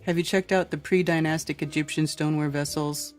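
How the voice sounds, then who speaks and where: A woman's voice: deep voice, steady tone, a little fast, soft background music. A woman hosting a casual live-stream talk show, speaking in a blunt, profane, exasperated manner. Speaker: podcast host.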